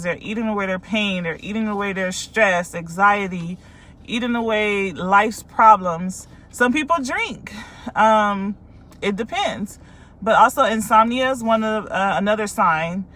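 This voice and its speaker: A woman's voice: mid-range voice, unhurried, fairly bright tone. A woman life coach from California, talking casually and candidly to her followers about her own experience, with many ums and likes.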